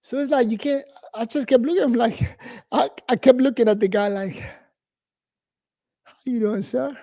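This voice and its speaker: A man's voice: extremely high pitch, fairly quick, dark tone. A man in his forties from New York, giving a blunt, profane, rambling casual monologue as host.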